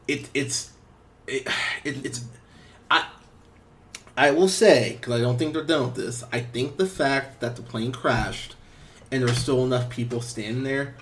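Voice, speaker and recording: Male podcast host, mid-pitched, rambling and animated, profane, laughs easily. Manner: rambling, animated, swears freely, laughs often. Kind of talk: casual review chat.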